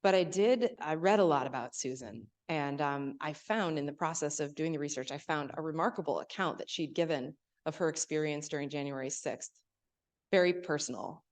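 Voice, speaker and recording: Low-voiced woman author telling stories. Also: moderate pace. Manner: hesitant, many fillers and restarts, storytelling. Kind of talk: author talk at a library event.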